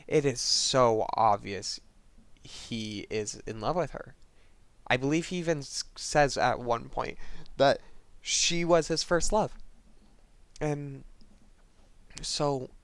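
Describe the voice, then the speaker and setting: Man, unhurried storyteller, earnest and halting, crisp clear voice, dry close sound. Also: mid-range voice, no echo. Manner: earnest, halting, with restarts and soft trailing words. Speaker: video game storyteller. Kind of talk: emotional retelling of a game plot.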